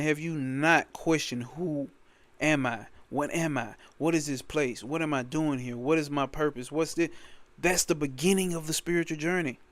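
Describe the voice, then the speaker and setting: A man's voice: on the high side, fairly bright tone, dry recording. A man teaching a spiritual text in a casual, emphatic way, repeating lines and cursing freely. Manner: emphatic, repetitive, sprinkled with profanity. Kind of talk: casual spoken commentary on a scripture.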